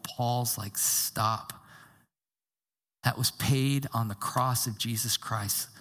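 A woman pastor delivering a sermon in an animated, conversational way, sometimes dropping to a hushed tone for emphasis. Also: sits low. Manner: animated, conversational preaching with acted quotes.

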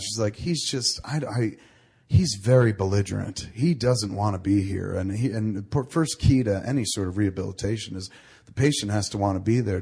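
A middle-aged man hosting a casual talk show, telling a long anecdote with a fairly low voice. He swears often and animates the story by quoting the people in it. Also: a little fast, creaky, darkish tone, breathy edge. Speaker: podcast host.

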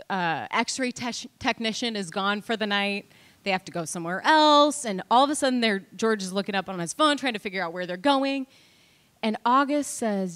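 A woman's voice: medium pitch, a bit bright, clear, resonant tone. A woman in her thirties, casually telling a family story with many fillers. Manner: chatty, lots of fillers like "like" and "you know". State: pregnant. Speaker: mother sharing a family story.

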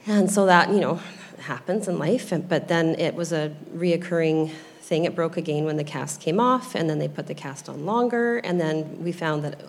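A woman's voice: deep voice, moderate pace, hardly any pauses. A woman in her thirties telling a personal faith story in a casual chat, hesitant and full of ums, close to tears as she speaks. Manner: hesitant, with many ums, tearful when moved. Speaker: guest sharing a testimony.

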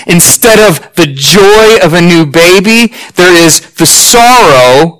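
A man preaching a sermon to his congregation, earnest and emphatic, slowing down for weighty lines. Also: high voice, expressive, fairly bright tone, poor audio. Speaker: pastor.

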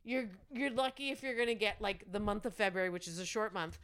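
A woman's voice: medium pitch, fairly quick, a bit bright, smooth. A woman co-hosting a podcast in casual chat, enthusiastic and playful, talking lovingly about food.

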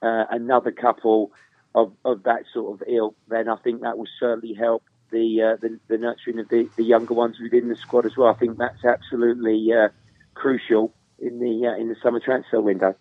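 Flat-voiced man on a tinny phone line. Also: medium pitch, fairly quick, no room sound. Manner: hesitant, flat delivery. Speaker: guest. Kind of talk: casual interview chat.

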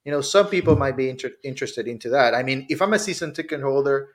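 Honduran-born guy on a soccer pod, mid pitch, calm and measured, says you know a lot. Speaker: podcast co-host. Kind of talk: casual chat.

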